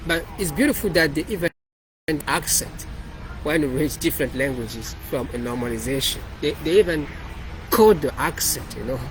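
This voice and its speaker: A man's voice: a little high, lively intonation, moderate pace, a bit bright, faint music behind, rough recording. Rambling man walking through his code. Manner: rambling, repeats and restarts phrases. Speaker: developer presenting his project. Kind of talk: casual walkthrough of code.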